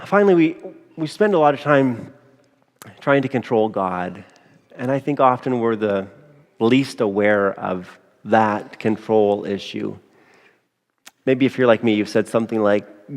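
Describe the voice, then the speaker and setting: A man's voice: fairly low pitch, measured pace. A man preaching a sermon as a pastor, in a conversational manner with frequent rhetorical asides to the congregation. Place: church sanctuary. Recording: long church reverb.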